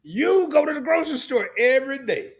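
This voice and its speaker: A middle-aged man hosting a casual live stream, talking to his chat in an animated way, laughing a lot and repeating words. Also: extremely high pitch, a little fast.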